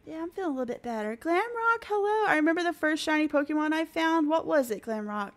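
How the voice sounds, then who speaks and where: A woman, chatting excitably with viewers while she streams a game. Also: high-pitched, fast talker. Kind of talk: casual live-stream chat.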